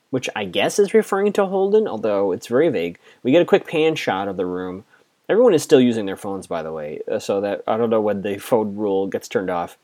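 A man casually recapping a TV episode, chatty and quick to quote the characters. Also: on the low side, darkish tone. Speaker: TV recap host.

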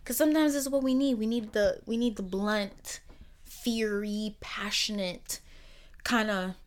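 A young adult woman of Caribbean origin hosting a podcast, talking in a personal monologue with emphatic rhetorical questions and soft near-whispered asides. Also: medium pitch, fairly even intonation, a little slow. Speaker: podcast host.

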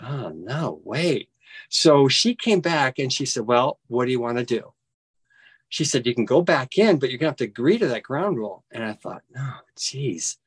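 A man telling a personal story as an interview guest, acting out quoted dialogue with big jumps in pitch and often restarting his sentences. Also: dry recording. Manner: halting, with frequent restarts.

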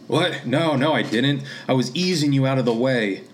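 A man playing a curt, temperamental father with a gruff, clipped way of speaking. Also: mid-range voice, normal speed, a little hiss or hum, pitched above the performer's own voice, natural voice. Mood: defensive.

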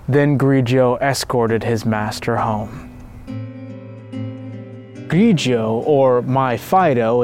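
A man giving measured, reverent scripted narration of a devotional story. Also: mid-range voice, a little mellow.

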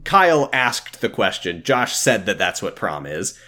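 A man's voice: lowish voice, sing-song, unhurried, pushed and bright. A man co-hosting a podcast, sarcastic and exasperated, swearing freely in a casual, comedic recap. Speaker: podcast co-host.

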